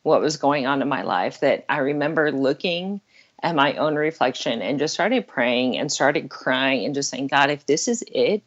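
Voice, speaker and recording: A woman's voice: extremely low pitch, normal speed, muffled recording. A middle-aged woman talking earnestly and candidly as a guest on an interview podcast, laughing now and then. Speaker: life coach guest.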